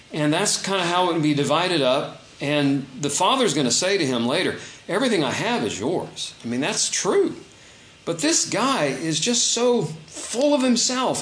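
A man preaching a sermon, explaining scripture in an expressive, conversational and emphatic way. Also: fairly high pitch, roomy sound. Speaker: pastor.

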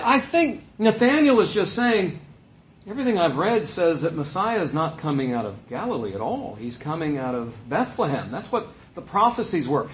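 Male preacher, slightly high voice, conversational Bible teaching, echoey room. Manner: conversational, explains asides with fillers. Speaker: pastor.

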